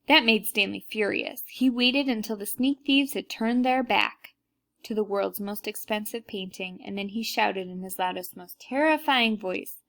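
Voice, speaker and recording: A woman's voice: mid-range voice, normal speed, fairly bright tone. A woman reading a children's book aloud, narrating plainly and unhurriedly with small slips.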